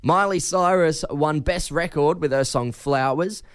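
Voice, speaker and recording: Chummy higher-voiced Australian radio host. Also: male voice, clean tone, no echo, studio quality. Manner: quick, chummy, laughs often. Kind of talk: breakfast radio banter.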